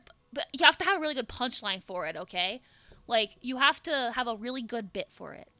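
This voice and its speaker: Lively, bright-voiced young woman streamer, sick. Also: high voice, no room sound. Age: young adult. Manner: chatty, swearing, joking with chat, lots of "like". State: sick with the flu. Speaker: VTuber streamer. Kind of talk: casual live-stream chat.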